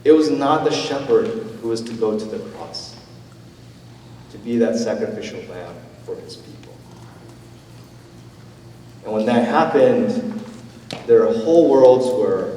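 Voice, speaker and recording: Mellow-voiced pastor in an echoey hall. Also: male voice, lowish voice, measured pace, pauses often, slight background noise. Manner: conversational, gentle preaching with fillers. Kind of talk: sermon. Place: church sanctuary. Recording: roomy church hall, from a distance.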